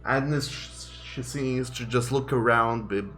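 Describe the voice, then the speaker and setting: Man, game master, narrating, very slow pace, faint background music. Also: mid-range voice, bright, forceful tone. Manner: unhurried, restarting phrases.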